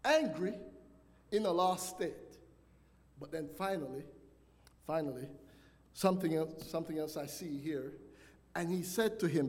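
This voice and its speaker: A man's voice: on the high side, unhurried, long pauses. A man preaching a sermon as pastor, asking the congregation questions and calling for responses. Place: church sanctuary. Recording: long church hall reverb.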